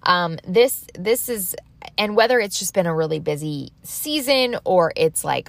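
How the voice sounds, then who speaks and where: Offering laid-back, faith-based advice, a thirtysomething woman wanders through thoughts on journaling and belief, poking fun at herself and coughing now and then from allergies. She talks unhurriedly in a low-leaning, creaky, expressive voice with no room sound.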